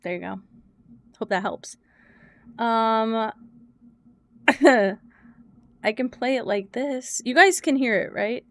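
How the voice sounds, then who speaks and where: A woman's voice: fairly high pitch, slow pace, long pauses, fairly bright tone. A woman live-streaming who talks to her chat in a flustered, joking way and swears now and then. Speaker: livestreamer.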